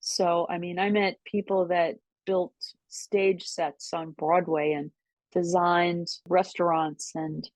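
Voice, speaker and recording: An older woman, a podcast guest, telling casual stories in an animated way, laughing often and mimicking voices. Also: fairly low pitch, slow, no echo. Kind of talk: casual storytelling. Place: New York City.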